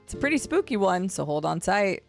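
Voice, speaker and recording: A woman's voice: mid-range voice, very animated, fairly quick, vocal fry, soft background music. A woman reading out a laid-back male frog supervisor from a cartoonish detective game, in a casual read-aloud manner. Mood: easygoing.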